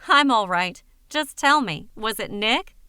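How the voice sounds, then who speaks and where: A woman's voice: a little high, animated, unhurried, pushed and bright, clean tone, dry recording. A woman voicing a wry, neurotic young woman in a dry manner in an audiobook reading.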